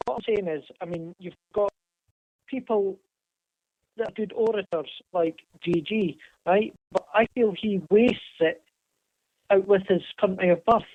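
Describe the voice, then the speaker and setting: A man's voice: sits high, unhurried, dry recording. A man, a guest on a radio show, arguing earnestly in a heated debate. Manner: earnest, argumentative. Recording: dull lo-fi sound.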